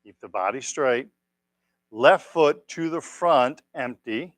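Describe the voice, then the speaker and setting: A man leading a tai chi class, giving calm step-by-step cues and gentle praise on a clip-on mic. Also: mid-range voice, slow pace, dry recording. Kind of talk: guided exercise class. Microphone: clip-on microphone.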